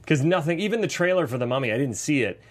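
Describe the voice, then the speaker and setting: A man in his thirties co-hosting a casual movie review podcast, animated and acting out quotes in silly voices. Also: on the high side, fast talker. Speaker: podcast co-host.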